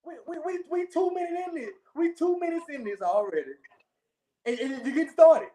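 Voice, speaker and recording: Woman, podcast co-host, high voice, warm mellow tone, casual sports chat, laughs a lot. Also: normal speed. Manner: animated storyteller, keeps repeating okay, laughs often.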